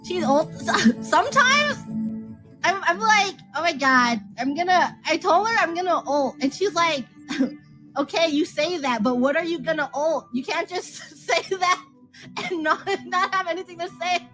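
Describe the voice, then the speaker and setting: A woman's voice: very high-pitched, animated, unhurried, sharp tone, faint music behind. A woman chatting casually and giggling as she recounts a story, heard in a played clip. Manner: giggly, laughs between phrases. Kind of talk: casual chat.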